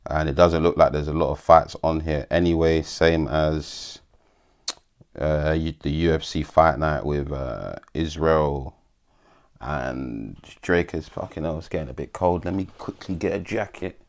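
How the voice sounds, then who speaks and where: A man's voice: a bass voice, unhurried. A man giving casual commentary as a vlogger, rambling, swearing freely and stumbling over names.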